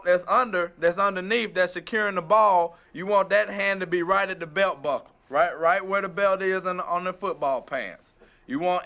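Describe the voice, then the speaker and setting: A man with a high, smooth, clear voice explains football drills like a coach on the practice field. He often repeats and restarts his phrases as he works through each point. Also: pushed and bright. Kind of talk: instructional drill demonstration.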